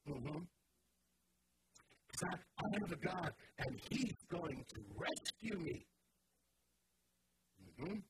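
A male pastor delivers an impassioned sermon in a high-pitched voice. He moves between soft, confiding asides and fervent, shouted declarations. A steady hiss of background noise runs under the recording. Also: slow pace, long pauses. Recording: noisy church recording.

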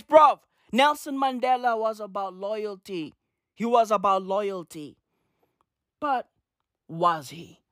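A young man delivering a comedic rant, animated and slangy, swearing and repeating his punchlines. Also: extremely high pitch, no echo, clean studio sound. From South Africa. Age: young adult.

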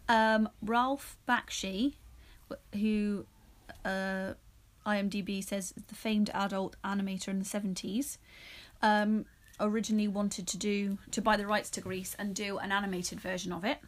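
A woman's voice: medium pitch, flat delivery, normal speed. A woman co-hosting a casual film podcast, teasing and laughing often. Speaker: podcast co-host. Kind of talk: casual chat film review.

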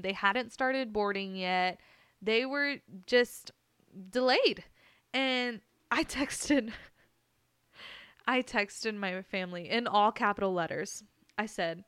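A woman's voice: a little high, a bit bright, clean tone, no room sound, clean studio sound. A young woman hosting a podcast, animatedly telling a personal story, often laughing and swearing freely. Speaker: podcast host.

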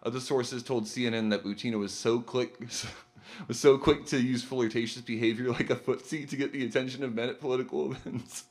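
A man co-hosting a casual podcast, reading an article aloud with stumbles and crude asides. His voice is a middle male pitch. He talks loosely and often jokes. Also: fairly even intonation, darkish tone. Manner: loose, profane, laughs often, reads haltingly. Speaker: podcast co-host.

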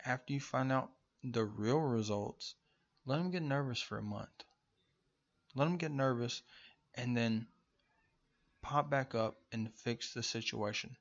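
A man's voice: medium pitch, measured pace, long pauses. A man giving an angry political rant, profane and mocking, firing off rhetorical questions. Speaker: political commentator. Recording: muffled lo-fi recording.

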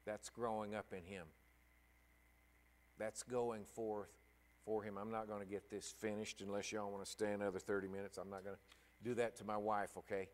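A middle-aged man preaching a sermon and telling a personal story, halting and emotional, with many restarts. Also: on the low side, little pitch movement.

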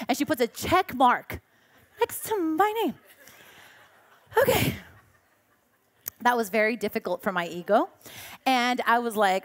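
Woman preacher, slightly high voice, animated storytelling, acts out voices, church stage mic. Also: normal speed. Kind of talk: sermon with personal storytelling.

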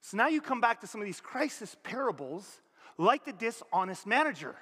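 A man from Canada delivers a sermon in a bright, high, forceful voice. He preaches conversationally, swinging from loud emphatic lines to low, quiet ones. The sound carries a long hall reverb. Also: normal speed, breathy edge. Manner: animated, conversational preaching with sudden rises and drops in pitch and volume. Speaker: pastor.

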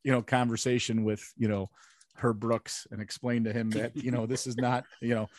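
A man's voice: mid-range voice, flat delivery, no echo, studio quality. A middle-aged man hosting a podcast, telling stories in a chatty, laughing way. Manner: fast, chatty storytelling with laughs. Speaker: podcast host. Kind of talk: casual chat.

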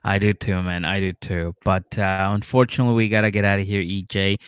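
Low-voiced laid-back podcast host. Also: male voice, little pitch movement, a little fast, clean tone, dry recording, studio quality. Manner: laid-back, swearing, rambling. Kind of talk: casual recap chat.

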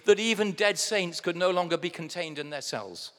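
Excitable English pastor in echoing church. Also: male voice, sits high, normal speed, hardly any pauses. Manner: animated preaching, swinging from hushed to loud bursts; addresses congregation directly as guys. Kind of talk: sermon. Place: church hall.

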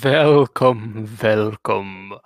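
A man's voice: fairly low pitch, extremely slow. A man hosting a casual podcast with friends, playful and jokey as he keeps the show moving. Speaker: podcast host.

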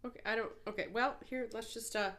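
A woman's voice: on the high side, steady tone, fast, heavy background noise. Woman, 20s, podcast co-host, casual chat, teasing, goofy. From northern Minnesota. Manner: goofy, teasing, laughs often.

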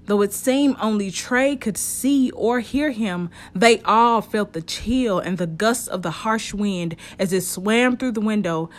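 A woman narrating a story chapter in a steady storytelling manner. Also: medium pitch.

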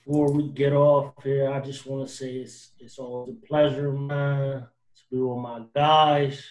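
A man hosting a casual podcast chat, joking loosely, sometimes loud and sometimes trailing off. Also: medium pitch, level tone, unhurried, roomy sound, poor audio. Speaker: podcast host.

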